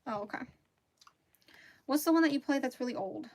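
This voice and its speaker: A woman's voice: high voice, animated, a little fast. A woman from Mississippi, hosting a casual crochet livestream and chatting with easy laughs and rambling asides. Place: home closet.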